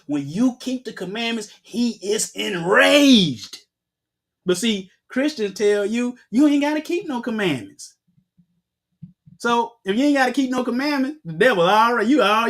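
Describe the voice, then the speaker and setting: Unhurried and high-voiced, a man preaches an emphatic Bible-teaching sermon with lively intonation. He poses rhetorical questions and answers them himself, bursting out loudly when he reads scripture.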